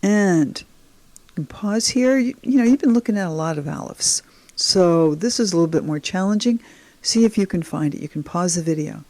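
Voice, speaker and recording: At a normal speed, this woman sounds animated and warm, her lowish voice captured on a dry recording. She teaches beginner Hebrew over slides in a slow, patient narration, encouraging the viewer directly.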